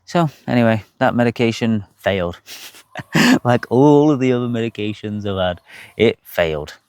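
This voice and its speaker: A man's voice: medium pitch, animated, moderate pace, clean tone, no room sound, clean studio sound. A young man, bluntly telling his own health story to camera, swearing freely. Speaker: health vlogger.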